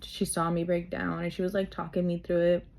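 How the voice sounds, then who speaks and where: A young adult woman hosting a podcast, telling a personal story in a candid, halting way with many fillers and restarts. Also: fairly low pitch, level tone, vocal fry, a little mellow. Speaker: podcast host.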